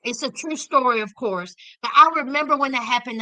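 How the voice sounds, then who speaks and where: A woman hosting a casual recap livestream, animated and chatting with her viewers by name. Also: sits high, a little fast, no echo, poor audio. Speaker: recap show host.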